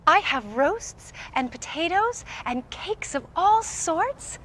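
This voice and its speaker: A syrupy, creepy suburban mom. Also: female voice, very high-pitched, very animated, takes it slowly, a bit bright, slight background noise, heavily acted. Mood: coaxing. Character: sugary sinister suburban mother luring children. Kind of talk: film dialogue.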